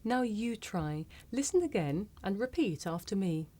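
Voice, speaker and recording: A woman teaching English pronunciation, saying single words slowly and carefully for learners to repeat. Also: medium pitch, sing-song, warm tone. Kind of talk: slow scripted pronunciation lesson.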